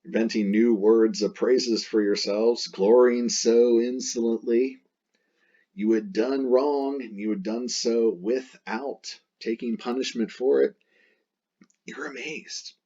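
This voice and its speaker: A man's voice: mid-range voice, steady tone, slow, mellow, muffled recording. A man teaching a Latin text in a chatty, playful way, repeating and rephrasing as he explains.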